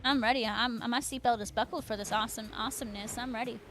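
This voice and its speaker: A woman's voice: a little high, steady tone, fast talker, a bit bright, a little hiss or hum. A young adult woman livestreaming, chatting casually with viewers and reading their messages in a bubbly, gushing way. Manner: bubbly, gushing, reads viewer names aloud. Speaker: streamer reading chat.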